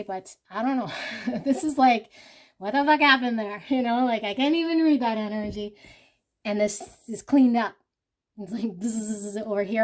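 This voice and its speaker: A woman's voice: mid-range voice, darkish tone. Rambling woman reading tarot cards. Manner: rambling, with lots of "like" and "you know"; laughs and swears casually. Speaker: tarot reader. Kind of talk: casual pick-a-card tarot reading.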